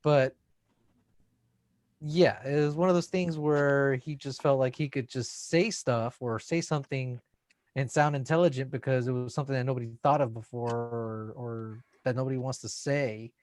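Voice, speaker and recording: A man's voice: mid-range voice, steady tone, normal speed, darkish tone, dry recording. A man co-hosting a casual podcast, answering with short, wry remarks and laughing along. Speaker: podcast co-host. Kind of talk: casual chat. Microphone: remote call mic.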